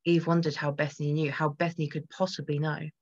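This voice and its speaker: Woman, gothic story reading, measured and tense, muffled lo-fi recording. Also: low voice, little pitch movement, darkish tone. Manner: measured, building tension.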